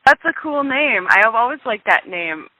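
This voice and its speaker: A woman hosting a podcast interview, excitable and quick to laugh. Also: fairly high pitch, no room sound, low-quality recording. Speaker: podcast host. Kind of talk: casual interview.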